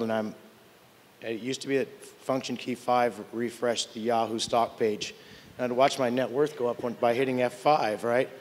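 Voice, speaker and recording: An older man on a technology panel, telling candid, wry stories and often restarting his sentences. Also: medium pitch. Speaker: tech panelist. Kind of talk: conference panel storytelling. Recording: long hall reverb.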